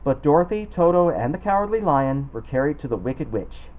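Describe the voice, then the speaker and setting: A man reading a children's storybook aloud, expressive and putting on voices for the characters. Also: fairly high pitch, a little fast, narrow, tinny audio. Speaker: storybook reader.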